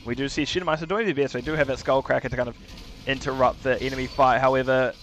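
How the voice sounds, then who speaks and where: A man with a New Zealand accent giving fast, casual play-by-play commentary on a live esports match. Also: mid-range voice, fairly even intonation, fairly bright tone, slight background noise. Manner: rapid play-by-play, casual asides. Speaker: esports caster.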